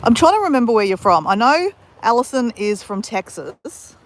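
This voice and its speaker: An Australian woman talks into her phone on an open beach, greeting live viewers by name and laughing along with them. Her voice sits a little high and swoops around with lots of bounce. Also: big pitch swings, moderate pace. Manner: chatty, addresses viewers by name, laughs often. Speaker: live-stream host. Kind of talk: casual live-stream chat with viewers. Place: outdoors at a beach at sunrise. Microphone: handheld phone.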